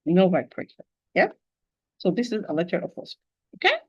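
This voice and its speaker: A woman's voice: fairly low pitch, very animated, a little fast, husky, highs cut off. A woman teaching Quran recitation in an online lesson, patiently repeating points and addressing her listeners as dear sister.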